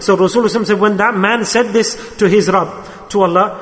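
A man preaching a sermon, telling a story and acting out the dialogue with animated shifts in pitch. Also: quick pace. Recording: hall reverb.

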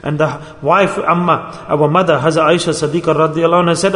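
Fast emotional preacher in an echoey hall. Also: male voice, fairly high pitch, fairly even intonation, fairly bright tone. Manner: emotional, self-deprecating, pleading. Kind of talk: sermon.

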